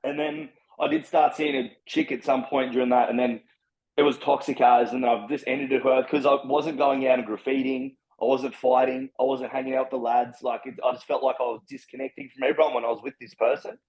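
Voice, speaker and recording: A man's voice: mid-range voice, level tone, brisk, darkish tone, low-quality recording. Australian man, frank and rambling. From Brisbane, Australia. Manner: rambling, frank and heavily profane. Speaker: podcast guest. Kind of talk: candid personal storytelling.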